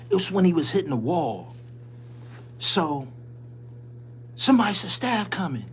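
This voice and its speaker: A man's voice: high voice, sing-song, a little slow, long pauses, a bit bright, slight background noise. A man hosting his channel, telling a story in casual, profane street slang and laughing often as he goes. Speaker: channel host.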